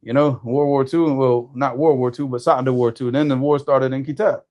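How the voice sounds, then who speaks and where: A man telling a story in casual conversation, animated, often restarting his sentences. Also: medium pitch, normal speed, dull audio. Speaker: storyteller guest.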